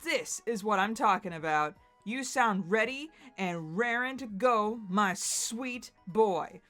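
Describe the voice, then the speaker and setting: A woman voicing a big, boastful male buck with a Southern drawl and a booming, hearty manner in a dramatic webcomic read-aloud. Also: lively intonation, slow pace, fairly bright tone, soft background music. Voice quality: hearty chuckle, booming bravado. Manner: grandiose, speaks of himself as "the mountain".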